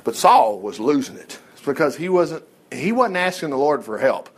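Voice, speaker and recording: Animated man, higher voice, informal Bible lesson with playful asides. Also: moderate pace, breathy edge. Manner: animated storytelling, acts out voices, jokes and chuckles. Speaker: Bible teacher.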